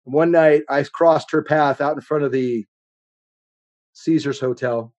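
A man's voice: a little high, steady tone, measured pace, darkish tone, dull audio. A middle-aged man preaching a sermon as a guest speaker, telling a personal story earnestly and with shifting intensity. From United States.

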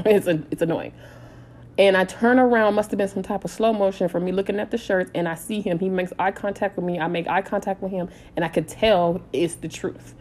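A woman in her thirties telling a personal story in a casual, animated way, blunt and swearing freely. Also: lowish voice, moderate pace. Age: 30s. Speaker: storytime vlogger.

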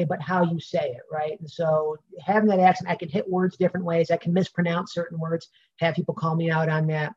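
Rambling wrestler with a Brooklyn accent. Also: male voice, on the high side, level tone, a little fast, a little mellow, lo-fi sound. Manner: rambling, many fillers and restarts. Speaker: pro wrestler. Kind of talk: casual interview answers.

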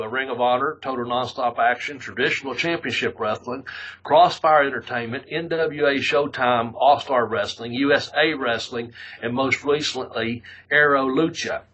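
Husky guy swearing a lot on a podcast, bright voice, kinda dull lo-fi audio. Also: mid-range voice. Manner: profane, rambling, laughs often. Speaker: podcast co-host. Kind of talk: casual chat.

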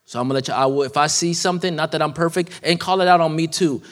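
A guest preacher in his thirties delivers a sermon in a church sanctuary, keeping it casual and conversational with slang and asides. His voice is on the high side, fairly bright and racing, with church hall reverb in the recording.

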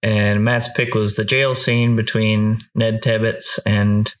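Man, podcast co-host, casual film review chat, steady, keeps the show moving. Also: fairly low pitch, takes it slowly.

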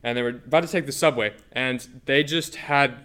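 A man with a mid-range voice talks a little fast, his tone pushed and bright yet clean. Co-hosting a podcast, he rambles casually through eerie stories and laughs easily.

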